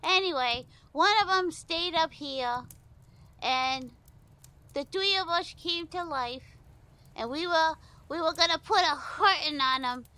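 A woman voicing a gruff, blustery male teddy bear who talks tough in a tabletop game. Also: extremely high pitch, takes it slowly, bright, forceful tone, voice pushed up, exaggerated voice. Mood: rattled. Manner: brash, blustery.

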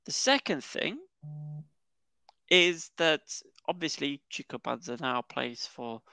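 A man's voice: a little high, lively intonation, slow pace, creaky, pushed and bright, clear, resonant tone, dry recording. A man co-hosting a casual football podcast over a remote call, telling stories in a chatty way and chuckling mid-sentence. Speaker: podcast co-host.

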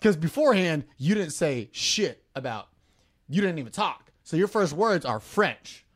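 Man, podcast co-host, joking crude banter, lively swinging pitch. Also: a little slow. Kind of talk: casual reaction chat.

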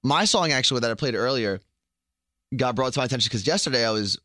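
A man's voice: mid-range voice, lively intonation, fast talker, sharp tone, dry recording, studio quality. A young American man co-hosting a radio show, chatting casually and joking. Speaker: radio co-host. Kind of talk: casual chat.

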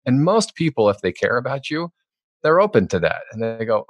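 A man's voice: fairly low pitch, a little fast, no echo, clean studio sound. A man, an author and podcast guest, talking candidly and reflectively in a conversational interview. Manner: candid, reflective, animated when acting out quotes.

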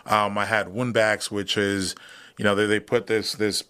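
A man in his thirties, a veteran guest on a podcast, telling his story in a relaxed, matter-of-fact way with many fillers. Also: fairly low pitch, normal speed, clear, resonant tone. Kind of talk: casual storytelling interview.

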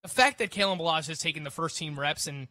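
A man breaking down football news on a casual fantasy sports radio show, chatty and quick. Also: a little high, lively intonation, sharp tone, no room sound. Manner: quick, chatty analysis with restarts and laughs.

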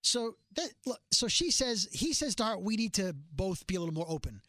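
A woman's voice: mid-range voice, a little fast, no room sound. Middle-aged woman hosting a podcast, chatty and emphatic, dry close sound. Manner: animated, emphatic storyteller. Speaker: podcast co-host. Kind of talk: casual chat.

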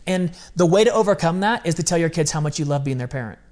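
A man in his forties with a slightly higher voice talks in a candid, confessional way on a podcast. He speaks earnestly and often rushes through phrases in quick bursts. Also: animated, a little mellow. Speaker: podcast co-host. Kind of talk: candid conversational podcast talk.

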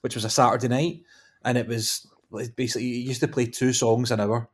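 A man's voice: mid-range voice, little pitch movement, a little fast, slightly rough. A man in his thirties co-hosting a podcast, telling stories in a casual, sweary, laugh-filled way. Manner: storytelling, laughs often, sweary banter. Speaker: podcast co-host. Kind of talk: casual chat.

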